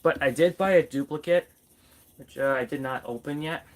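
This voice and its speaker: A man's voice: fairly high pitch, normal speed. Playful man chatting through a toy review. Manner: playful, chats to his toys as if they were people. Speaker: toy collector reviewing his figures. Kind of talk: casual toy review vlog.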